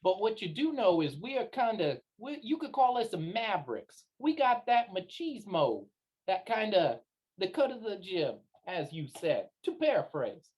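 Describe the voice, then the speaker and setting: A woman playing a smooth-talking young male adventurer who pitches himself in a wheedling, persuasive way. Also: big pitch swings, moderate pace, muffled recording, close to an everyday voice. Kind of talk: tabletop role-play voice acting.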